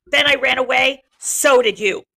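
Ralph, a woman reading as a harried boy chief, straining and exasperated, his bright voice pushed upward whenever the others argue back. A storybook reading with a crisp, forward tone. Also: sits high, moderate pace, pitched above the performer's own voice, full character voice. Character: boy leader, anxious and frustrated.

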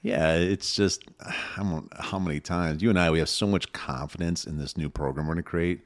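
A man's voice: low voice, steady tone, brisk. A man co-hosting a podcast in casual chat, talking emphatically and sometimes searching for words. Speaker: podcast co-host.

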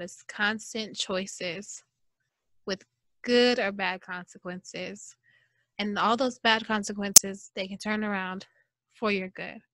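Woman w/ doing a solo podcast, chatty and animated, bright voice, dry close sound. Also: medium pitch, no room sound. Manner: chatty and expressive, mock-preaching asides. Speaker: podcast host. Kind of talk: casual solo podcast monologue.

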